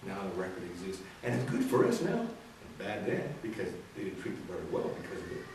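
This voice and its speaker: A man's voice: deep voice, huge pitch swings, a little fast, background noise. A middle-aged man from Texas giving a presentation, telling anecdotes with acted quotes and laughter. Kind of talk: storytelling talk to an audience. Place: large room with audience. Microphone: distant room mic. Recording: echoey room recorded from far off.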